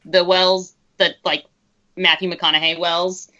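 A woman co-hosting a podcast in casual chat, animated and joking, with quick asides. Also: on the low side. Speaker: podcast co-host. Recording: muffled lo-fi audio.

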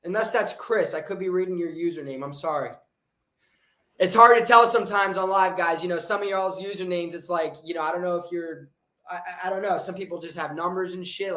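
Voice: medium pitch, sharp tone. A motivational livestream host giving an unscripted, intense and profane pep talk, often breaking off to answer viewer comments. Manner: intense, profane, repetitive hype. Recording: roomy echoey room.

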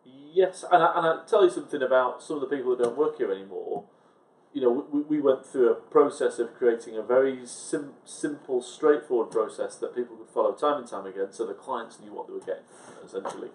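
A man chats quickly and emphatically as a podcast co-host, piling one anecdote onto the next. His voice sits at a middling pitch. The recording has a roomy echo around it. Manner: animated storyteller, quick and emphatic. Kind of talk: casual chat. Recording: echoey room.

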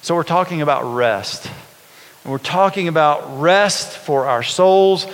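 A man, a pastor, preaching a sermon in a relaxed storytelling way, often asking his congregation questions. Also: fairly high pitch, unhurried. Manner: conversational, folksy, asks the congregation questions. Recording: long hall reverb.

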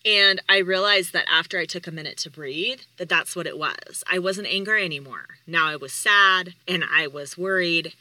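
A woman's voice: on the low side, moderate pace, few pauses, pushed and bright, poor audio. A woman hosting a podcast, telling a personal story in a candid, heartfelt, conversational way. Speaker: podcast host.

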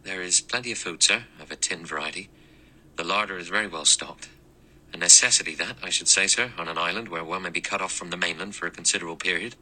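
A man voicing an anxious, deferential middle-aged manservant who speaks in a low murmur. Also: fast talker, pushed and bright, heavily acted, poor audio.

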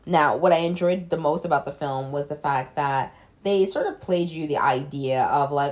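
Brief: a chatty woman with a lowish voice, casually recapping a film, blunt and full of fillers. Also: moderate pace, a little mellow. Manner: chatty, loose, lots of "like" fillers, blunt swearing. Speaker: film reviewer.

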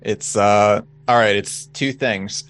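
A man's voice: lowish voice, steady tone, takes it slowly, a bit bright. A man co-hosting a casual stream chat, easygoing, giving short replies and telling small stories. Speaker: co-host.

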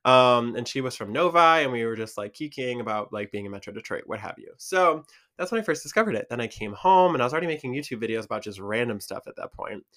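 A man from Michigan with a Michigan accent, chatting casually to camera as a vlogger, animated and full of fillers. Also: medium pitch, fast talker.

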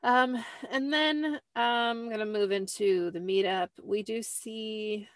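A woman with a fairly high, steady voice speaks slowly, and there's no echo. She hosts a podcast from a cramped little room through a close desk mic, rambling as she recaps a show, with many "like" fillers and apologetic asides in the casual chat.

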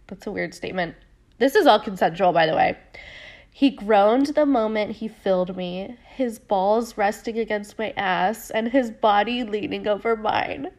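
A woman's voice: medium pitch, a little mellow. A woman podcast host reading a book aloud in a chatty, giggly way and adding casual comments. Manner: giggly, chatty, lots of fillers.

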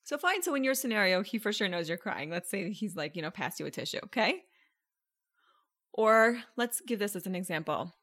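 A woman's voice: mid-range voice, animated, a little fast, a bit bright. Chatty woman podcast coach, laughing often. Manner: conversational, laughs often, asks rhetorical questions. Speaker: podcast host and relationship coach. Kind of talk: casual coaching monologue.

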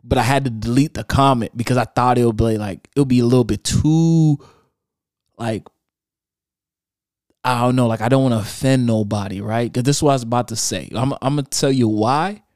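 A man's voice: mid-range voice, brisk, dry recording, clean studio sound. A young man hosting a casual solo podcast, animatedly recounting an online argument and reading out comments in slang. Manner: animated storytelling, reading out social media comments with slang and laughs. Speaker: podcast host.

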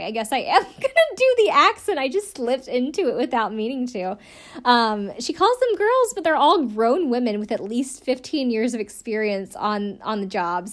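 A young adult woman hosting a casual podcast recap, chatty and rambling, with many "like" fillers and wry asides. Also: mid-range voice. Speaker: podcast host. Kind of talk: casual recap of a reality show.

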